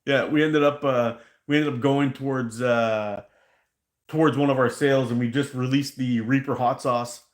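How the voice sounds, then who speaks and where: A man hosting a casual live stream about hot sauce, a rambling, animated storyteller who laughs at his own stories. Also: mid-range voice, normal speed, echoey room. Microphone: handheld mic pulled out.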